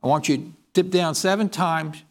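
This is a man preaching at normal speed in a voice on the high side. He reads scripture aloud in King James language and questions the congregation.

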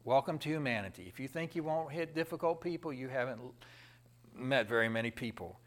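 A man preaching a sermon in a lively, conversational way, with asides to the congregation. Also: mid-range voice, fairly quick.

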